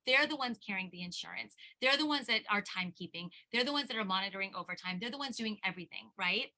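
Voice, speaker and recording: A woman's voice: mid-range voice, animated, quick pace, bright, forceful tone. A middle-aged woman attorney giving an impassioned seminar talk, telling a story with lots of restarts and repeated words. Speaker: elder law attorney speaking at a seminar.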